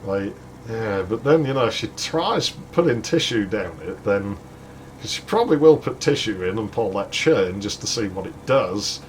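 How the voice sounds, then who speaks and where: A man's voice: fairly low pitch, lively intonation, normal speed, slight background noise. A man hosting a let's play, telling a story casually with lots of swearing and laughter. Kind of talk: casual gameplay commentary and storytelling.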